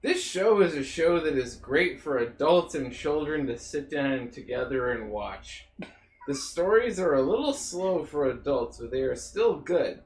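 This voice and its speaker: A man's voice: a little high, animated, measured pace, a little hiss or hum. Man reading aloud in an echoey room. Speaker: podcast co-host. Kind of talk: reading a review aloud on a podcast.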